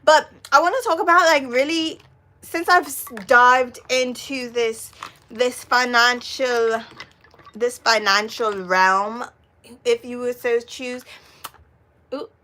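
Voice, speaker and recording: Woman, young adult, casual live-stream chat, rambling, swears freely, bright tone. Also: a little high, fairly even intonation, takes it slowly, a little hiss or hum. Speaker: vlogger.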